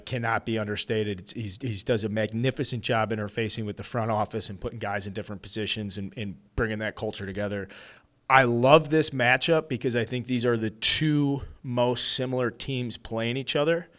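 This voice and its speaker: A man co-hosting a baseball podcast, talking casually and reading an ad in an excitable, rambling way with some swearing. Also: mid-range voice, moderate pace. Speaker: podcast co-host. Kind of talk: casual sports podcast chat with ad read.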